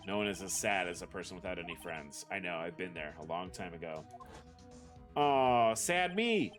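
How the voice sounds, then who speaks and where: Deep-voiced man streaming a courtroom game. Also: flat delivery, fast talker, over music. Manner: voices the lawyer hero's thoughts, self-mocking asides. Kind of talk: reading game dialogue aloud with casual asides.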